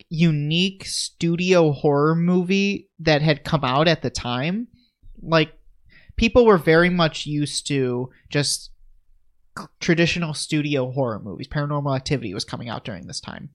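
A man co-hosting a podcast, recapping a horror film in casual, joking chat full of fillers. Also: a little high. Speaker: podcast co-host.

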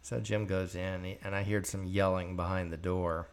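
Low-pitched with little pitch movement, this older podcast host speaks at a normal speed with few pauses. He tells stories from his working life in a blunt, profane monologue, performing the dialogue himself.

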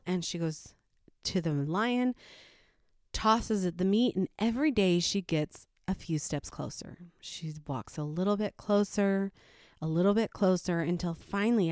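A woman who is an adoptive parent casually retells a folktale and shares her thoughts on it, laughing often. Her voice is fairly low with a darkish tone, recorded in clean studio sound with no room sound.

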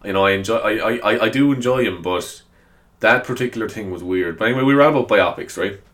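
A man's voice: on the low side, fast, fairly bright tone. A man hosting a solo podcast, chatting casually in a rambling, self-deprecating way and laughing often. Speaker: podcast host.

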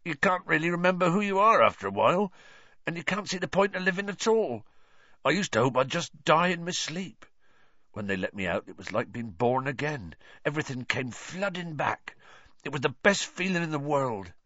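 A man voicing a huge, gruff half-giant gamekeeper who speaks in rough dialect, tearful and gloomy, for an audiobook. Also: medium pitch, very animated, normal speed, sharp tone, no echo, lo-fi sound, pitched above the performer's own voice.

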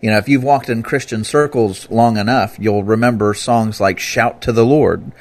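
A man explaining scripture in a relaxed, conversational way, bursting into loud, lively emphasis when he quotes it. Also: on the low side, normal speed. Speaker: Bible teacher. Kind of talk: conversational teaching talk.

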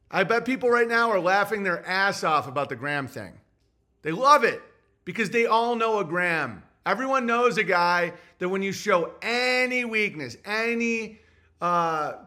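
A man's voice: high-pitched, expressive, moderate pace, pushed and bright. A man hosting a solo livestream, reading super chats in a grumpy, sarcastic ranting way.

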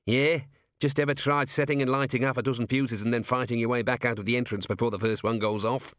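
Brief: male reader as a gruff little gnome, proud and fierce. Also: mid-range voice, steady tone, fast, fairly bright tone, no echo, studio quality, close to an everyday voice. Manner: gruff, proud, old-fashioned speech.

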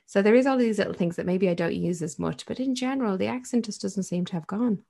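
A woman's voice: fairly low pitch, quick pace, vocal fry, hardly any pauses, darkish tone. An Irish woman co-hosting a podcast, chatty and effusive in casual conversation. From Ireland. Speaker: podcast co-host. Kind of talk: casual chat.

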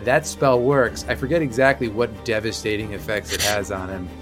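Relaxed male game master. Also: fairly low pitch, moderate pace, loud music behind the voice. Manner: relaxed, matter-of-fact rulings. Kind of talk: running a tabletop game.

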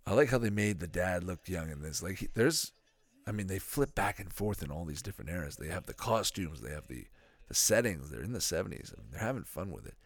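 A man's voice: sits low, a little fast, creaky, few pauses, dry recording. A man hosting a podcast, chatting casually and rambling, with frequent swearing. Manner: profane, rambling, animated. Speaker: podcast host reviewing a sitcom.

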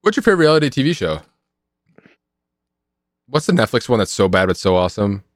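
A young man with a low, deep voice chats on a podcast. His pitch leaps around with animated energy. The sound is close and dry. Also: no echo. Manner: animated, swearing, quick to laugh. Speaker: podcast co-host. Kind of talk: casual chat.

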